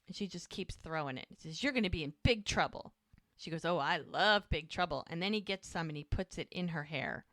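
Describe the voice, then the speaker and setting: A woman's voice: fairly low pitch, brisk, no echo, studio quality. A woman co-hosting a casual rewatch podcast, retelling scenes and acting out the characters' lines. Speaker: podcast co-host. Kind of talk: casual recap chat.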